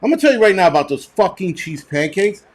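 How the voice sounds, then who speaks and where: A middle-aged man hosting a casual livestream chat, ranting with heavy profanity and animated outbursts. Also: high-pitched, quick pace. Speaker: host.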